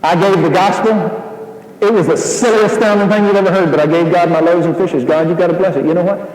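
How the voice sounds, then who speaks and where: Man, sermon, animated storyteller, slightly high voice, reverberant hall. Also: a little fast. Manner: animated storytelling, acting out dialogue. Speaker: pastor. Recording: echoey hall.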